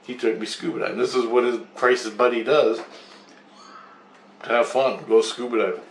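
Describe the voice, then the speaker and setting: A man's voice: mid-range voice, steady tone, normal speed. A man telling a long, rambling dream story in a casual, profane way, often circling back and repeating himself. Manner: profane, repetitive, re-enacts others' words in raised voices. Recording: roomy echo, distant mic, faint hiss.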